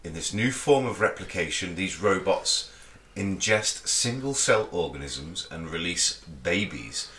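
Deadpan low-voiced man, echoey room. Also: unhurried. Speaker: podcast co-host reading news. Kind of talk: casual comedy podcast chat.

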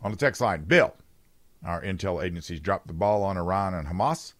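A man's voice: sits low, animated, moderate pace, fairly bright tone, no room sound. A man hosting a political talk radio show, giving opinions in a conversational way and reading listener texts aloud.

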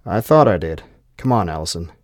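Blunt, exasperated pilot, fairly deep voice, read by a male narrator. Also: lively intonation, a little fast, no room sound, clean studio sound. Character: tense wary man, a pilot and father.

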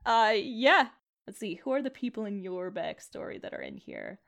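A woman game master narrating a tabletop game in a loose, rambling way, full of fillers and asides. Her voice sits at a middle pitch and sounds casual. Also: huge pitch swings, moderate pace, creaky, fairly bright tone. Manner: chatty, rambling, many fillers and laughs.

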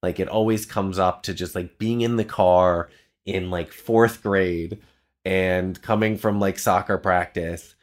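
A man's voice: low-pitched, steady tone, measured pace. A young man in casual conversation, telling a personal story in a rambling, heartfelt way with lots of filler words. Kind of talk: casual chat.

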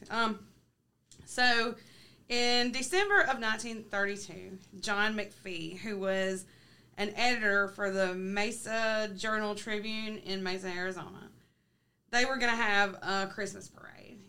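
A woman's voice: medium pitch, sharp tone. A woman co-hosting a podcast, telling a story in casual chat, swearing freely, joking and laughing often. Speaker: podcast co-host.

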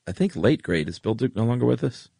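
A man co-hosting a podcast, telling stories in a relaxed, enthusiastic way. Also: mid-range voice, fast talker, creaky, breathy edge, dry recording, studio quality. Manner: relaxed storyteller, laid-back and enthusiastic. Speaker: podcast co-host. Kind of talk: casual chat.

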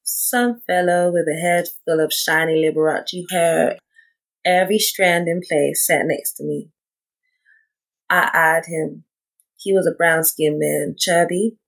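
A woman reading her own first-person story aloud in a measured, deliberate way, voicing the dialogue she quotes. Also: deep voice, gravelly, rough recording.

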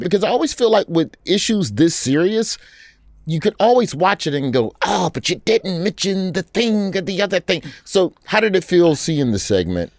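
A man's voice: medium pitch, darkish tone, no room sound, clean studio sound. A man hosting a comedy podcast, joking in a mock-indignant, playful way before asking his guest questions. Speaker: host.

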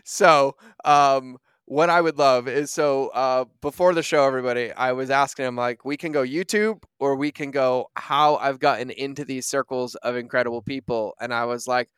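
A male podcast host with a smooth, resonant voice pours out effusive praise and casual, filler-laden questions. His pitch sits mid-range, and the sound is dry and close. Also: fairly even intonation, normal speed, hardly any pauses, a bit bright, dry recording. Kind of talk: casual conversation.

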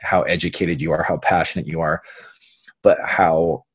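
A man's voice: low-pitched, level tone, normal speed, husky, no room sound. A man who is a guest on a podcast, a veteran, speaking earnestly and affirmingly in a heartfelt conversation.

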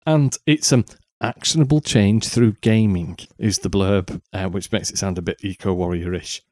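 Rambling podcast co-host. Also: male voice, on the low side, moderate pace, a little mellow, no echo, studio quality. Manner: chatty, rambling with many ums and restarts. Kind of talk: casual chat.

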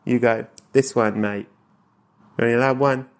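Man, podcast host, playful and teasing, relaxed chat. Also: medium pitch, moderate pace, clear, resonant tone. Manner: playful, teasing, swears casually. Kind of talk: casual comedic interview.

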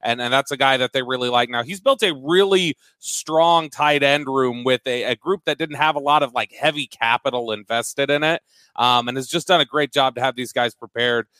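A man's voice: mid-range voice, moderate pace, pushed and bright, no echo. A man co-hosting a casual sports podcast, running through segment picks with frequent restarts. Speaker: podcast co-host.

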